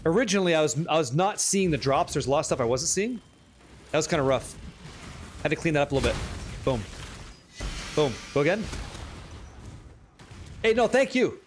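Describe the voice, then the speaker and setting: High-voiced excitable male game streamer. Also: brisk, long pauses, slight background noise. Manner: excitable, chatty, swears casually. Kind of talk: live gameplay commentary.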